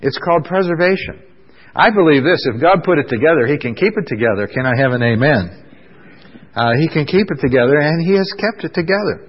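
A man's voice: a little high, expressive, breathy edge. Preacher man in a reverberant church hall. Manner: conversational, fills pauses with "uh", asks the congregation questions. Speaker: pastor. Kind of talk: sermon. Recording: dull lo-fi sound with long hall reverb.

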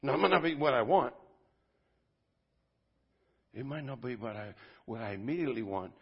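A man, a pastor, giving an informal sermon to a men's group at a church service, talking conversationally and swinging from loud bursts to quiet asides. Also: mid-range voice, moderate pace, gravelly, husky. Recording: dull lo-fi sermon audio.

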